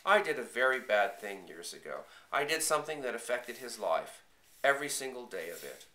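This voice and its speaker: A man voicing a worried older grandfather who speaks in a steady, firm and reassuring way. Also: mid-range voice, fairly quick, reverberant.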